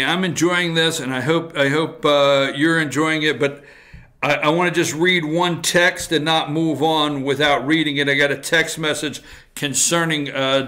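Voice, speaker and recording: A man's voice: on the high side, pushed and bright. A man hosting a political opinion talk show, talking straight to viewers in a blunt, folksy way. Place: TV studio.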